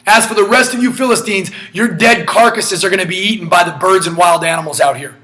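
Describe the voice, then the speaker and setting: A man voicing a bold, defiant young male shepherd hero, talking emphatically and sometimes shouting. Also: high-pitched, a little fast.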